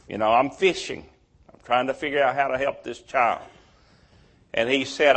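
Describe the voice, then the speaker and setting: A middle-aged male preacher telling a story in a sermon, in a hushed, measured way. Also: medium pitch, fairly even intonation.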